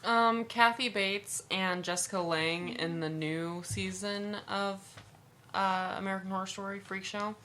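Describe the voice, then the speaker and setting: A woman's voice: medium pitch, fairly even intonation, a little slow, bright, forceful tone. A woman chatting casually on a podcast, blunt and swearing freely. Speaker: podcast co-host. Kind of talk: casual chat.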